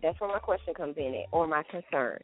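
A woman co-hosting a casual morning radio chat, skeptical and quick to object. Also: deep voice, expressive. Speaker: co-host. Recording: tinny phone-like audio with faint music.

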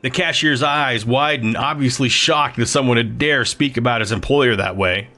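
A man narrating a novel in a steady, even storytelling manner. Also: mid-range voice, normal speed, faint music behind. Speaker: audiobook narrator. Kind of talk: scripted narration.

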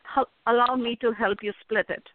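A woman's voice: a little high, steady tone, moderate pace, no echo, natural voice. A woman voicing a sly cat who offers to settle a quarrel, telling it in a story over a phone-like line. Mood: coaxing. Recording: phone-line sound, faint noise.

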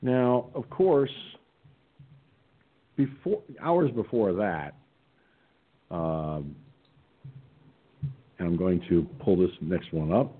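A man's voice: deep voice, extremely slow, pauses often, slightly rough. A man hosting an online political radio talk show, sarcastic and combative, reading his own replies aloud. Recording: tinny phone-line sound.

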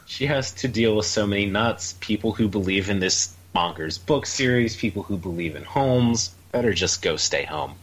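Teasing low-voiced male podcast host. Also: lively intonation, normal speed, hardly any pauses, rough recording. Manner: teasing, playful. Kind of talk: casual podcast interview.

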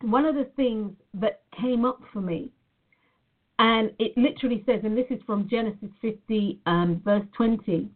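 A woman's voice: a little high, moderate pace. Earnest woman on tinny phone-like audio. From Nevada. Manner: earnest, reflective, addresses listeners as guys. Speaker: reflexologist sharing a personal reflection. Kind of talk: casual spiritual talk to viewers.

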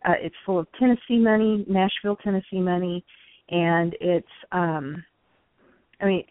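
A woman in her forties talks earnestly and a little preachily as a guest. Her voice sits somewhat low, heard over a tinny, phone-like line. The sound is dry and close. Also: fairly even intonation, moderate pace, dry recording. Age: 40s. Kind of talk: casual conversation.

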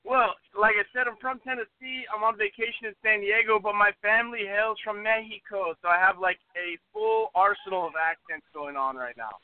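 A man's voice: sits high, fairly quick, few pauses, no room sound. A man calling in to a show, talking in a playful, rambling, mock-indignant way. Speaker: caller. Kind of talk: joking call-in rant. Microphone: phone. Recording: tinny phone line.

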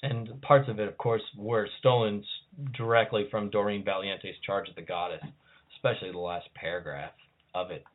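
A man's voice: fairly low pitch, fairly even intonation, moderate pace. A man with a scratchy voice talking casually as a podcast guest, at times reading ritual verses solemnly. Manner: reads liturgy in a raised, solemn voice. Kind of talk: casual talk and liturgy reading. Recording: tinny phone-like line.

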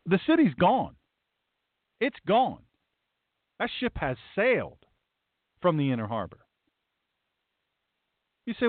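A man's voice: high voice, big pitch swings, measured pace, pauses often, no room sound. A male host delivering a blunt, emphatic, sarcastic talk-show monologue. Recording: tinny phone-like, dry.

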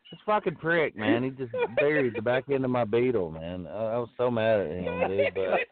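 Halting male co-host on a tinny line. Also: medium pitch, expressive, crowd noise. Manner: halting, many fillers and restarts. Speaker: podcast co-host. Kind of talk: casual profane chat. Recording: phone-like narrow sound.

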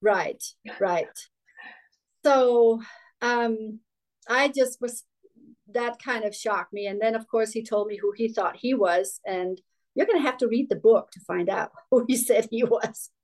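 A woman's voice: on the high side, measured pace, darkish tone, rough recording. A middle-aged woman from Denmark, a guest telling her life story in an interview, candid and rambling with restarts. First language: Danish.

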